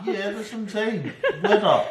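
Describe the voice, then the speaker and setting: A man's voice: high voice, animated, normal speed. A man joking around in casual banter as co-host of a home vlog, playful and teasing. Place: home, indoors. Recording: echoey room with music behind.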